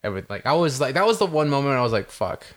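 A young man casually telling a story on a podcast, animated and swearing a lot, acting out what people said. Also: medium pitch, racing. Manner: animated, heavy swearing, acts out quotes. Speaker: podcast co-host.

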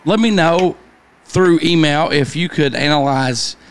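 A male podcast host with a somewhat high voice speaks in casual chat. He hesitates often and fills gaps with "uh" and "um". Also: a little slow. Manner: hesitant, many uh and um fillers.

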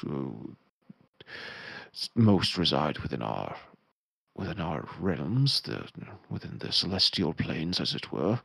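A grave, secretive old wizard, as a game master puts him on, speaking in a very low, gravelly and husky voice. He talks slowly and with weight, in a dry, close-miked sound. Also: pushed and bright, no echo, heavily acted. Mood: puzzled. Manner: slow, measured, grave.

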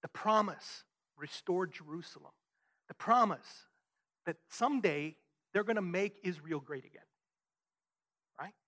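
A man's voice: high voice, unhurried, pauses often, a bit bright. A man preaching a sermon, emphatic and conversational, often asking his listeners "right?". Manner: emphatic, rhetorical questions, frequent "right?". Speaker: pastor.

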